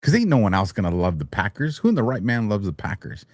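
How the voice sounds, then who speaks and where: Male livestream host, low and lively voice, dry close mic, teasing and quick to laugh. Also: slightly rough, no echo. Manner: animated, teasing, laughs often. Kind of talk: casual livestream talk.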